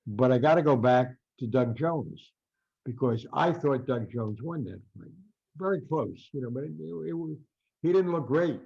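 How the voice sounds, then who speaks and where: A man's voice: medium pitch, gravelly, darkish tone, slightly rough. An older man with a New Jersey accent, a boxing writer telling rambling anecdotes in an interview and acting out the quotes. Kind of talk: storytelling interview. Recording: dull lo-fi podcast audio.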